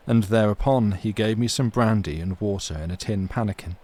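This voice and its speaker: Low-voiced male audiobook reader. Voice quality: steady, unhurried, with small slips corrected aloud. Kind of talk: reading a novel aloud on a livestream.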